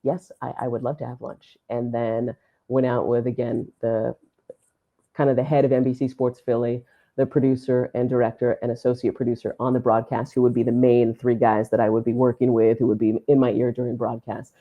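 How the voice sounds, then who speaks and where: A woman's voice: very deep voice, fairly quick, phone-quality sound. A woman sports announcer in a podcast interview, telling a story with feeling and acting out the dialogue of the people in it. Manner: animated storyteller who acts out quoted dialogue. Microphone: podcast microphone.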